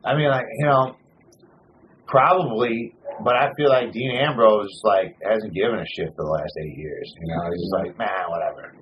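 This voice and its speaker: A man hosting a wrestling podcast in casual chat, cursing freely and talking with animated swings. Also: fairly low pitch, normal speed, a little hiss or hum, low-quality recording. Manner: profane, animated, lists names in runs. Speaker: podcast host.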